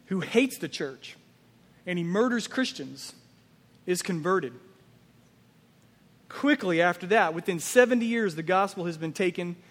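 Guy preaching, high voice, lots of questions thrown at the crowd, big echoey hall. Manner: emphatic preaching with rhetorical questions. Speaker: pastor. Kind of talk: sermon.

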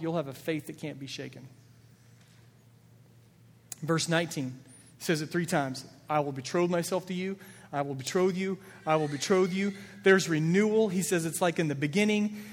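A man preaching a sermon as a pastor, earnest and building emphasis as he quotes scripture with feeling. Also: sits high. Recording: long reverb of a large hall.

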